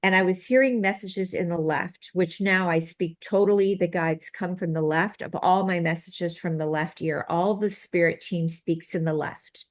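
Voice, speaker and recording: Earnest woman with a lowish voice, rambling. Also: steady tone, moderate pace, few pauses. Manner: rambling, with frequent restarts and run-on sentences. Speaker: guest, medical intuitive and healer. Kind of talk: personal storytelling in an interview.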